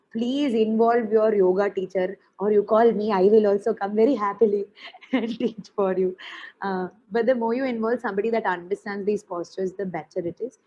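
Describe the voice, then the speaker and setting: A woman leading an online teacher workshop, explaining in a friendly way with quick asides. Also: mid-range voice, a little mellow, muffled recording, slight background noise. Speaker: teacher trainer.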